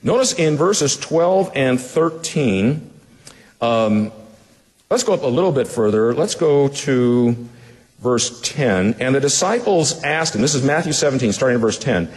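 A man's voice: medium pitch, expressive, measured pace, a little mellow, long reverb tail. A man as pastor teaching a Bible passage in a conversational sermon, putting rhetorical questions to the listeners in a casual way with fillers.

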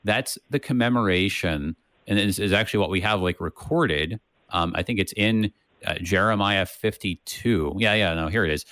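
Brief: man, lowish voice, casual Bible-study co-host, restarts a lot and tags lines with "right?", dry close sound. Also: normal speed, fairly bright tone, no room sound. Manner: thinks aloud with many restarts and "right?" tags.

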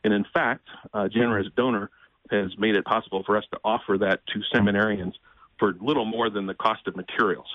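A man speaking as a guest in an interview, earnest and measured, often pausing with fillers and restarting. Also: fairly low pitch, steady tone, no echo, muffled recording. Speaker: ministry president, guest. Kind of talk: conversational interview.

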